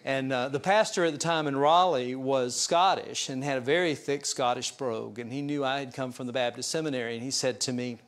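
A man's voice: medium pitch, fairly quick, few pauses. A male pastor preaching a sermon, telling stories in a folksy, self-deprecating way. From US South mountain region. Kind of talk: sermon storytelling.

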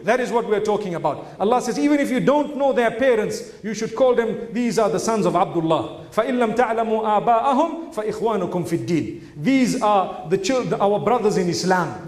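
A man's voice: extremely high pitch, darkish tone, echoey room. A man giving an Islamic religious lecture in an earnest, explanatory way, with frequent exclamations.

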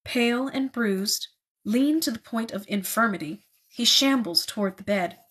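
A woman reading a novel aloud in a measured, expressive narrating voice. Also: on the high side, slightly rough. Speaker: reader.

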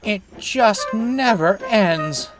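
A man's voice: on the high side, sing-song, slow pace, loud music behind the voice, pitched above the performer's own voice. A man voicing a vain, sulky male steam engine who complains dramatically.

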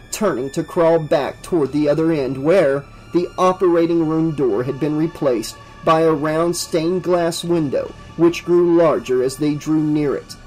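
A man reading a horror novel aloud as an audiobook, in a steady, vivid storytelling manner. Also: on the high side, low-quality recording. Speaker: audiobook narrator.

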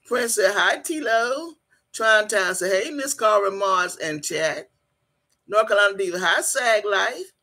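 A woman's voice: medium pitch, lively intonation, a little slow, bright, forceful tone. A woman hosting a casual livestream, reading viewer comments aloud in a playful, teasing way and drawing out her greetings in a sing-song voice. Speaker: livestream host.

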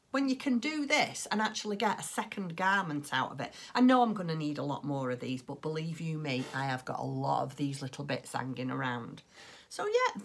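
A woman's voice: sits low, husky. A woman chatting casually on her craft podcast, rambling along with plenty of ums. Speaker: crochet and knitting podcaster.

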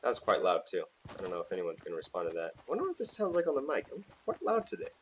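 A man's voice: fairly low pitch, wildly swooping pitch, rapid-fire, a little hiss or hum. A man doing casual, goofy gameplay commentary as a gaming YouTuber, a bit sick and coughing, sliding into silly voices. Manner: goofy, jumps into silly voices and off-key singing.

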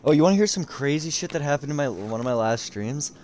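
A man's voice: a little high, animated, fast talker, darkish tone, slight background noise. A young man chatting casually while streaming poker from home, rambling and swearing with lots of fillers, on a headset mic. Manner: rambling, profane, many fillers. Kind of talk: casual livestream chat.

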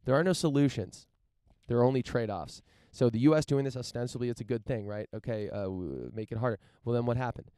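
Man, rapid delivery, dark warm tone, dry close sound, halting with repeated words, casual news commentary. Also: mid-range voice, animated, clear, resonant tone, dry recording. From United States. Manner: halting, repeats words while searching for thoughts. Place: outdoors in front of a mansion.

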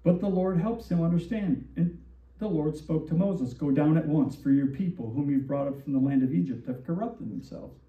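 A man preaching a sermon as pastor, animated and full of rhetorical questions, acting out the lines he quotes. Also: on the high side, moderate pace. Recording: distant, roomy, dull church recording.

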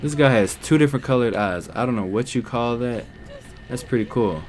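A young man giving let's play commentary, loud and excitable, talking back to the characters on screen. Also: medium pitch, brisk, a little hiss or hum. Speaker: gaming YouTuber.

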